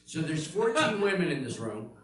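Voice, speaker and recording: An older man from Pennsylvania doing a stand-up comedy set, telling stories and acting out the people in them with sudden jumps in pitch. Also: very animated, normal speed. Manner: storytelling, acting out quoted voices with big pitch jumps. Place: live comedy room, audience laughing. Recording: echoey room heard from a distance.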